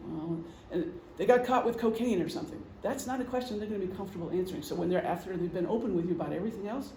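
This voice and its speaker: High-voiced man presenting in an echoey room. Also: very fast, few pauses, a little mellow. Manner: conversational, explains with examples, frequent ums. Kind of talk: informal presentation to a group. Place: meeting room. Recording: echoey room, faint hum.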